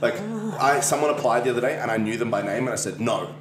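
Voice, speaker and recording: A man's voice: medium pitch, very fast, music in the background. A young man co-hosting a casual comedy podcast, rambling and laughing through his stories in a clubhouse room. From Australia. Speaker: podcast co-host. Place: clubhouse room at a tennis club. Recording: echoey room.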